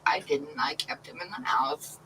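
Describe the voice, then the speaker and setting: A woman's voice: low voice, expressive, moderate pace, a crowd in the background. A middle-aged woman hosting a livestream, telling a story in casual chat and laughing often. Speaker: livestream host. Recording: slightly distant mic with faint noise.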